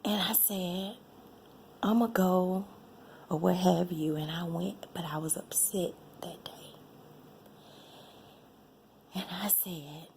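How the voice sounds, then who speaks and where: A woman tells a personal story, repeating herself and often sinking into a breathy whisper. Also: lowish voice, steady tone, takes it slowly, pauses often, darkish tone, a little hiss or hum. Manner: emotional, repeats phrases, drops to a breathy whisper. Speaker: vlogger sharing a personal testimony.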